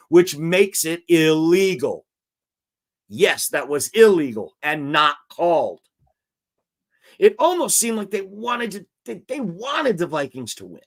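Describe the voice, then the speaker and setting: A man's voice: high voice, a bit bright. A man hosting a live football show, talking casually and animatedly, and reading viewer comments aloud.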